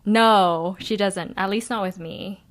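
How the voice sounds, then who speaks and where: A young woman co-hosting a casual podcast, soft-spoken and hesitant, giggling often. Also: mid-range voice, slow. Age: young adult. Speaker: podcast co-host.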